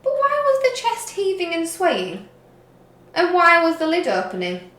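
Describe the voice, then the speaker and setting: A woman teacher reading a story aloud to young children, slowly and expressively. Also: very high-pitched, reverberant. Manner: slow, expressive read-aloud. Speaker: reception teacher.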